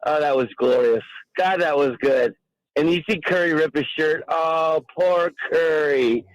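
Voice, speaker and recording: A man calling a sports radio show on his phone, excited and whooping. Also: a little high, a little slow, no room sound, dull audio. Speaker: caller. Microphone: phone held to ear while driving.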